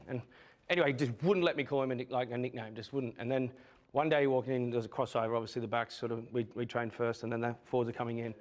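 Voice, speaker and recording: A man's voice: mid-range voice, quick pace. A man, a former rugby player co-hosting, telling an anecdote and acting out the other people's lines. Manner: animated anecdote-telling, acts out quotes. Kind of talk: casual chat.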